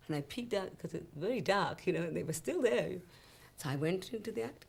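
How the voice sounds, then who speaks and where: A woman with a Welsh accent telling stories of her singing career in an interview, lively and acting out the dialogue she remembers, with many asides of "you know". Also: lowish voice, a little fast, vocal fry, husky. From Wales. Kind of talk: reflective interview storytelling.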